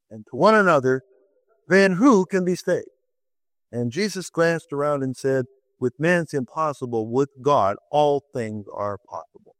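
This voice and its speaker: Male preacher, highish voice, dry close sound, dramatic delivery full of rhetorical questions. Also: no echo, low-quality recording. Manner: dramatic, swings pitch to act out quoted voices; asks the listeners rhetorical questions. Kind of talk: sermon.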